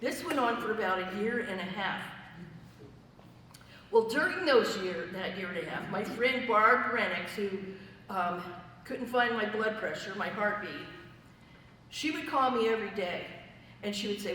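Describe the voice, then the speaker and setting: A woman's voice: medium pitch, lively intonation, measured pace, pauses often, pushed and bright. Woman telling her story in an echoey hall. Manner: conversational storytelling, vivid detail. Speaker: church member giving testimony. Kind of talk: personal testimony to a fellowship gathering. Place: church fellowship hall. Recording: echoey hall, voice from far off, faint noise.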